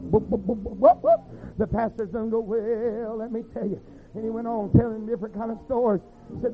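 A man preaching a sermon, telling stories in a rhythmic, folksy way that swings from hushed to shouting. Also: very high voice. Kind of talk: sermon storytelling. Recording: tinny phone-like sound with faint music.

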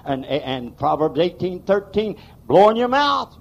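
Man preaching, gravelly voice, slightly raised pitch, folksy emphatic delivery, dull lo-fi church recording. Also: sing-song, measured pace. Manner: folksy, emphatic, plain rural grammar. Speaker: pastor. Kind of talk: sermon.

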